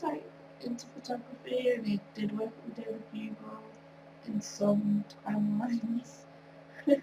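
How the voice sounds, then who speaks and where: A woman with a fairly high, nasal voice, still getting over a cold and a bit tired, chats and rambles through her gameplay commentary with easy laughs. She sits well back from the microphone, and a steady electrical hum runs clearly under everything. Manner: rambling, chatty, laughs often. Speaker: video creator. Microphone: wrong mic, far from speaker. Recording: distant mic with clear hum.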